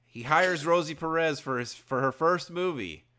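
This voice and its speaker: A man's voice: a little high, normal speed, bright, forceful tone. A man co-hosting a casual movie review podcast, opinionated and wry. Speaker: podcast co-host.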